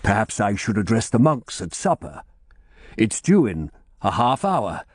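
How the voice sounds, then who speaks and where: A careworn old abbot, as a man puts him on, speaking slowly and hesitantly with a worried edge. The voice sits low but moves with lively pitch. Everything is close and dry. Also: breathy edge, no room sound, full character voice. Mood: anxious. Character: weary older male abbot, anxious and hopeful.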